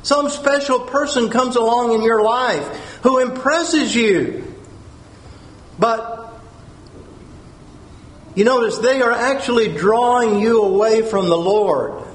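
A man's voice: very high-pitched, slow, long pauses. A man preaching a sermon, earnest, repeating key phrases and asking his listeners questions. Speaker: pastor. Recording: roomy echo.

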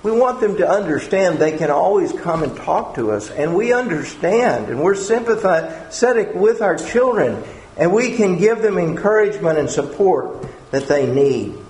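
Male preacher, slightly high voice, slow and earnest sermon delivery, roomy echo. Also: big pitch swings, a little mellow. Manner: earnest, repeats words while searching for phrasing. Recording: echoey room with faint background noise.

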